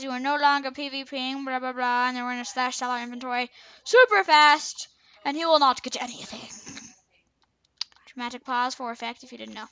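Bright high-voiced young woman gaming. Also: dry recording, lo-fi sound. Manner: playful, chatty, repeats taunts at other players. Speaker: gaming channel host. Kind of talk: casual gameplay commentary.

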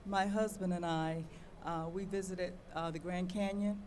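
A woman from the audience asking a question hesitantly, with many pauses and fillers. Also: fairly low pitch, steady tone, a little mellow, a little hiss or hum.

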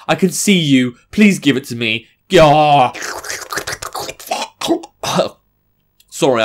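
A man's voice: a little high, a bit bright. A young man giving casual, sarcastic let's-play commentary, swearing and talking back to the game. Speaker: gaming commentator.

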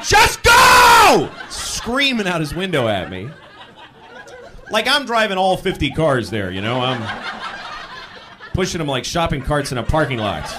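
A man performing a stand-up comedy routine, telling exasperated stories and bursting into shouted acted-out lines. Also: sits high, background noise. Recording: live club with laughing crowd.

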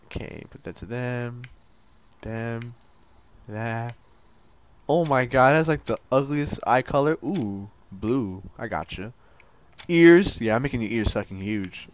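A man's voice: medium pitch, takes it slowly. Young man mumbling casual game commentary. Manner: mumbling, joking running commentary while playing. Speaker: gaming YouTuber.

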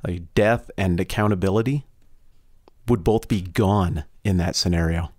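A man's voice: sits low, unhurried, darkish tone, no echo. A man co-hosting a podcast, talking in a thoughtful, reflective way in casual chat into a close microphone. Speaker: podcast co-host.

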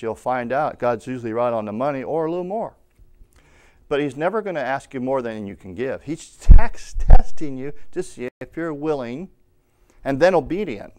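A man preaching a sermon, telling a personal story and rising to loud calls of amen. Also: mid-range voice. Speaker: pastor.

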